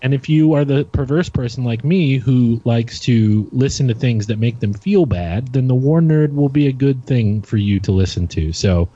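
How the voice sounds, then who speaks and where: Mellow man giving recommendations, dry. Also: medium pitch, slightly rough, no room sound. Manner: deliberate, hesitant, dry. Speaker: podcast co-host. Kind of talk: casual chat. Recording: dull lo-fi sound.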